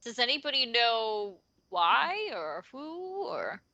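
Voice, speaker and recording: A woman's voice: fairly high pitch, sing-song, slow, vocal fry, bright, forceful tone, no echo, lo-fi sound. A woman playing a tabletop game, speaking politely and tentatively. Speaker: player. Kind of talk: in-character tabletop play.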